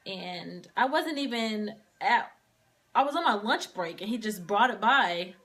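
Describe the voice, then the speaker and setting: A woman's voice: mid-range voice, animated, measured pace, fairly bright tone. A young woman casually telling a personal story to camera, filling her talk with "like" as she relives it. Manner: casual, heavy use of "like", emotional retelling.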